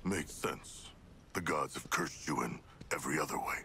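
A man's voice: a bass voice, normal speed, vocal fry, pushed and bright, slight background noise, full character voice. An actor voicing a hulking male shark-man warrior in a video game, speaking in grave, ceremonial tones. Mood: solemn.

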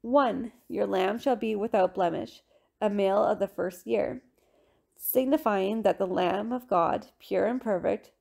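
Woman, scripted scripture lesson reading, gravelly, mellow, steady measured pace. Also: mid-range voice. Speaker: scripture study reader.

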